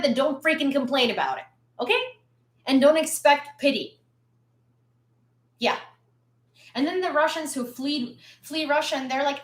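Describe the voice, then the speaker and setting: A woman's voice: sits high, fairly bright tone, reverberant. A woman from Ukraine delivering a blunt, angry, sarcastic opinion rant to her followers. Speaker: vlogger.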